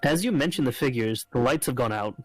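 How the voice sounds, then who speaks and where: A man's voice: mid-range voice, lively intonation, a little fast, faint music behind, low-quality recording. A man narrating as game master in a loose, casual way, full of fillers.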